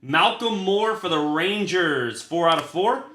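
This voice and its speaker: A man hosts a laid-back card break, swearing freely and running through pulls in a quick list. His voice is bright and forward. The room around him rings with a noticeable echo. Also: sits high, animated. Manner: chatty, swears freely, rattles off card lists. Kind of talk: casual livestream chat while opening cards. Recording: roomy echo.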